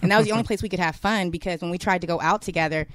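A woman from Georgia telling a story casually and quickly on a talk show. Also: fairly low pitch, no room sound. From Georgia, USA.

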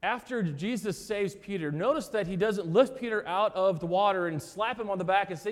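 Pastor guy preaching in a church, pretty high voice, repeats himself for emphasis, big echo. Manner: earnest preaching with repeated words and dramatic pauses. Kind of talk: sermon. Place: church sanctuary. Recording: church hall with long reverb.

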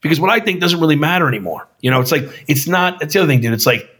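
A man's voice: on the high side, lively intonation, racing, fairly bright tone, slightly rough. A man who makes films, talking casually on a podcast, swearing freely and calling the other man dude and brother. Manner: profane, calls listener dude and brother. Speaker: filmmaker guest.

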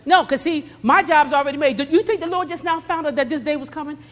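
A middle-aged woman preacher with a high voice delivers a sermon, calling out to the saints in the congregation. She drops into low, chatty storytelling, then climbs to fervent, shouted exhortation. Her voice rings with a long reverb in a large sanctuary. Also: quick pace. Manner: swings from low conversational talk to fervent shouting.

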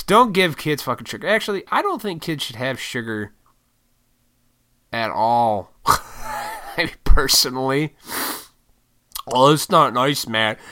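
Gravelly, animated man ranting. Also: medium pitch. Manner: profane, blunt, ranting. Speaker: solo talker. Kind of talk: casual rant.

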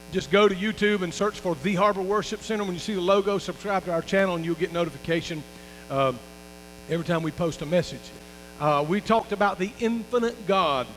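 A man's voice: high-pitched, a bit bright, slight background noise. Preaching man in a reverberant church. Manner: folksy preaching, calls for amens, restarts and fillers. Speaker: lead pastor. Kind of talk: sermon. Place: church sanctuary.

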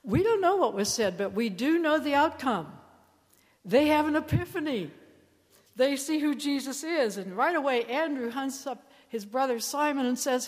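A woman giving a sermon, telling the story in a lively way and acting out quoted lines. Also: high voice, moderate pace. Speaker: preacher. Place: church. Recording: reverberant church hall.

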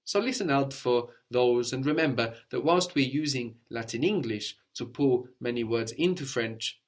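Speaking in a mid-range voice, a male teacher gives a spoken language lesson. He patiently and steadily explains how words are pronounced, breaking off to ask his student short quiz questions.

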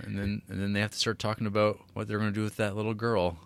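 Low-voiced man casually chatting about a film. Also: quick pace, vocal fry. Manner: rambling, restarts, lively retelling. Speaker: podcast co-host.

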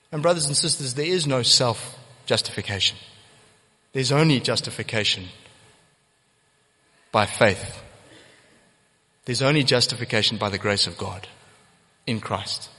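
Delivering a sermon amid long church hall reverb, this pastor speaks in a mid-range voice with a sharp tone and a breathy edge. He's emphatic and sincere, driving points home by repeating key phrases.

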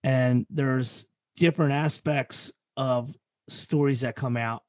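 A man hosting a casual conversation, talking thoughtfully with halting restarts and casual swearing. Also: mid-range voice, steady tone, a little mellow, no echo, clean studio sound. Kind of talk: casual chat.

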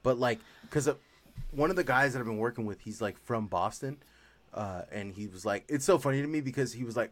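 A man in casual podcast chat, talking in an animated, profane way and jumping into a much higher voice when he jokes. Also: a little fast. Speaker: podcast co-host. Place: California.

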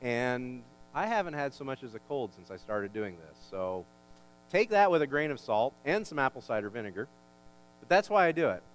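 A male pastor preaching a sermon, building in pitch and volume for emphasis, with folksy asides and jokes. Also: sing-song, normal speed, soft background music, poor audio. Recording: faint mains hum.

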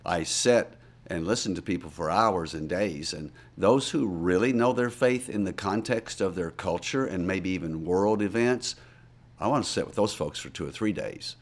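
A man's voice: deep voice, moderate pace. A man, a missionary guest telling stories in an interview and acting out the people he quotes. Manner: animated storyteller, acts out quoted voices. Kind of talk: storytelling interview answers.

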